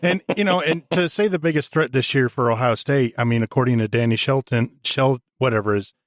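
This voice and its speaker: A man's voice: medium pitch, no room sound. Wisecracking male producer, dry close sound. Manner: wisecracking, chimes in with quick jabs. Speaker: podcast producer. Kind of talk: casual sports chat.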